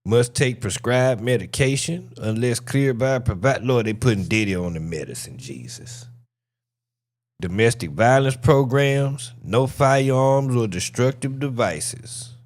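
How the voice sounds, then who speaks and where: Man, live-stream host, casual commentary, profane banter, pitch rising and falling a lot, mid-pitched voice. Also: measured pace. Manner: excited, profane, laughing banter with chat. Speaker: streamer reacting to clips.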